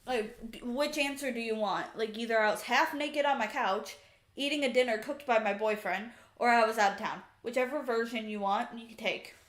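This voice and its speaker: A woman streamer telling a story in a casual, exasperated, animated way from her room at home. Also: fairly high pitch, a little fast. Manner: chatty, exasperated, animated retelling. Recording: echoey room.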